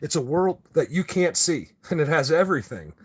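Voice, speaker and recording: A man hosting a live video, talking excitedly and rambling straight to his viewers. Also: fairly high pitch, normal speed, breathy edge. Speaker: livestream host.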